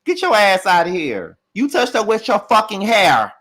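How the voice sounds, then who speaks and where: A man's voice: high-pitched, wildly swooping pitch, moderate pace, fairly bright tone. A man hosting a reality TV review, ranting with lots of profanity and talking straight to his viewers. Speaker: show recap host. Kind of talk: heated reality TV review rant.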